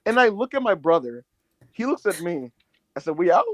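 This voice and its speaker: Animated, swearing podcast storyteller man. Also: moderate pace, no room sound. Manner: animated storyteller, swears a lot, acts out others in high put-on voices. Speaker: podcast co-host. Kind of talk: casual wrestling podcast chat.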